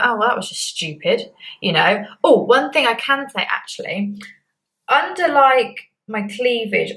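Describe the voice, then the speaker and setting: A young woman talks straight to her viewers in a loose, candid chat. Her voice is bright and forward. She keeps it conversational and slips in lively acted-out quotes. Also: medium pitch, low-quality recording. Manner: chatty and candid, acts out quotes. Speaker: beauty vlogger. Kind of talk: casual chat to camera.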